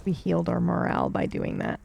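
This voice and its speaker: Chatty young woman streamer, gravelly edge. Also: lowish voice, huge pitch swings, fairly quick, a little mellow, slight background noise. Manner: chatty, laughs often, talks to chat. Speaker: let's play streamer. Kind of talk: casual gameplay commentary, reading game text aloud.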